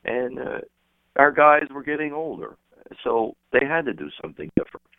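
A middle-aged man telling casual stories as a guest on an interview, animated and quick to jump into high voices when quoting people. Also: no room sound. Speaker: guest, wrestling manager and author. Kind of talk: casual storytelling on a call-in interview. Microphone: telephone. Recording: tinny phone line.

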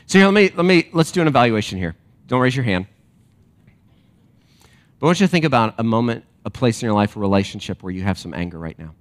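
A man preaching a sermon to a congregation, animated and emphatic, then dropping to quiet reflective questions. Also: medium pitch, quick pace, long pauses. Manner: direct address to a congregation with rhetorical questions. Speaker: pastor.

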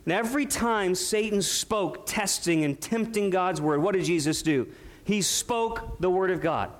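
A man's voice: high voice, a little slow. A male pastor preaching a sermon, emphatic and full of rhetorical questions to his congregation.

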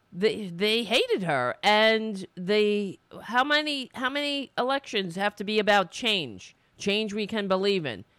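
A person streaming political commentary from home into a desk mic, ranting in an animated, sarcastic way with many restarts. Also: mid-range voice, smooth, no echo. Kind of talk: ranting casual commentary to camera. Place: home in New York. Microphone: desk mic with webcam.

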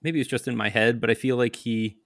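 A man's voice: mid-range voice, steady tone, brisk, no echo, studio quality. A man in a casual chat, hedging and thinking aloud as he talks.

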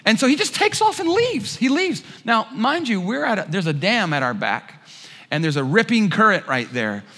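Brief: animated male pastor, high bright voice, storytelling sermon in a reverberant church. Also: moderate pace. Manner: animated storyteller, acts out quotes with shouts. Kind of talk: sermon with a humorous personal story. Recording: long hall reverb.

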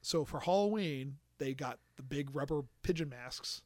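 A man casually telling a story on a podcast, animated and swearing, acting out quotes. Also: on the high side, normal speed, no room sound.

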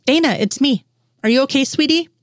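A fussy, worried older mother fretting over her grown daughter, as a woman reader puts her on. The voice sits higher, motherly and a little scolding. The sound is dry and close. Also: fairly quick, no room sound, close to an everyday voice.

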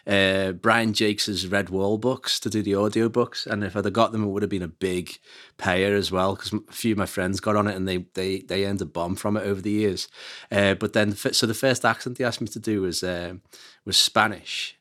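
A man's voice: deep voice, flat delivery, normal speed, fairly bright tone. A man co-hosting a podcast, chatting casually with jokey, self-deprecating banter. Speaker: podcast co-host. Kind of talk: casual chat.

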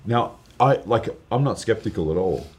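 A man, a guest preacher, telling an earnest, animated testimony story in casual podcast chat, with lots of fillers. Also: fairly low pitch, normal speed.

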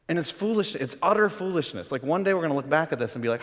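A man preaching a sermon as pastor, conversational and animated, acting out quoted voices. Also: fairly high pitch, racing, few pauses, big-room sound.

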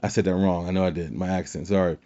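A man's voice: low-pitched, steady tone, quick pace, warm tone. A man hosting a wrestling podcast in casual chat, rambling and swearing freely. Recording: dull lo-fi sound.

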